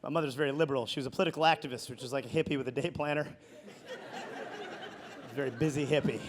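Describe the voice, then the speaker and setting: A man from Wisconsin tells sardonic stand-up stories in a fairly high voice. He performs on a club stage to a laughing live audience. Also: fast, a crowd in the background. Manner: sardonic storytelling. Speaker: stand-up comedian. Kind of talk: stand-up comedy.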